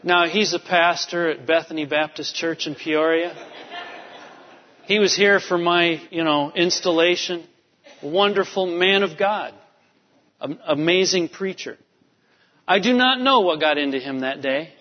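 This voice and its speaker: A pastor telling a family story in a sermon, storytelling with many fillers. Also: male voice, fairly high pitch, a little slow. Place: church sanctuary. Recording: dull reverberant church hall. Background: long hall reverb.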